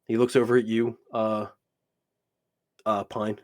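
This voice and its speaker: A man running a tabletop game as game master, narrating in an animated, casual and profane way. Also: fairly low pitch, measured pace, long pauses.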